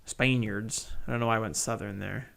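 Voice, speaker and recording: Gravelly man narrating a strategy game. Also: fairly low pitch, steady tone, fairly quick, a bit bright. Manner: wry, joking play-by-play. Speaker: gaming channel host. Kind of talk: casual game commentary.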